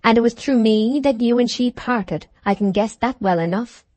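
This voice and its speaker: A man's voice: very high-pitched, normal speed, darkish tone, no room sound, pitched above the performer's own voice. A woman narrator voicing an earnest, bitter young man who argues passionately with an older rival over the woman he loves.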